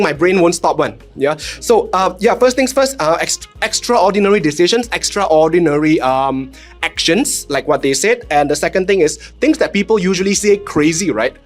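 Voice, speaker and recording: A man's voice: sits high, moderate pace, faint music behind. A man from Penang speaking Malaysian English, telling stories animatedly on a panel with joking "lah" tags. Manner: animated storytelling with frequent "lah" tags and self-deprecating jokes. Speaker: content creator, panel guest. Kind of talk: casual panel talk.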